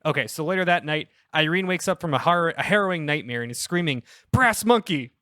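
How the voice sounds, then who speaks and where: A young man on a casual comedy podcast, pitching a story in a rambling, self-interrupting way and laughing at his own jokes. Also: quick pace, bright, forceful tone, smooth, dry recording, clean studio sound.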